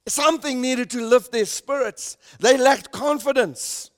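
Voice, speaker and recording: Pastor, male, high-pitched preaching voice, emphatic swells and hushed drops, long hall echo. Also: unhurried. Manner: emphatic preaching, swelling loud then dropping soft. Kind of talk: sermon.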